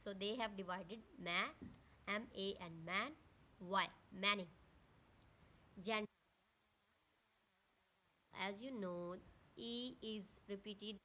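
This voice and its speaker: A woman teaching an online English lesson at an even, unhurried pace. She explains patiently, breaking each word down and spelling it out letter by letter. Her voice sits in a middle range over a faint hiss. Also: medium pitch.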